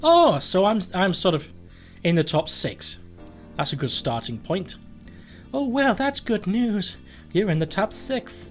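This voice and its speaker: A man's voice: fairly high pitch, huge pitch swings, unhurried, faint music behind. A man reading the lines of an eager, blunt woman campaign manager in a story game, in his own voice. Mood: puzzled.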